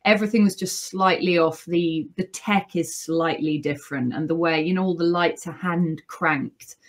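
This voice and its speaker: A woman, an author and audiobook narrator, chatting as a podcast guest in a lively, playful way, laughing often. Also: on the low side, moderate pace. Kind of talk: casual podcast interview.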